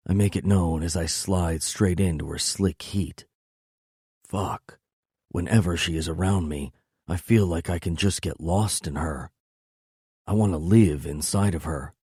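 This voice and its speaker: A man reading a first-person romance novel aloud in a low, intimate, measured delivery. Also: darkish tone, slightly rough, no echo, studio quality. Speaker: audiobook narrator.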